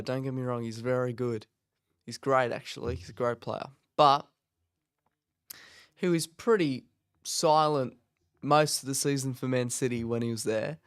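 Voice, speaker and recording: A man talks through a match in a loose, rambling way, with sudden excited bursts. His voice is smooth and resonant. The sound is close and dry, with no room echo. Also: mid-range voice. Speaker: watch-along host. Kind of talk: casual live match commentary. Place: office.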